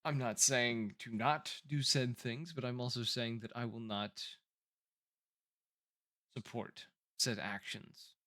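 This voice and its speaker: A man voicing a cautious, diplomatic woman mayor in a tabletop role-play, speaking in measured, carefully chosen words. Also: medium pitch, fairly even intonation, sharp tone.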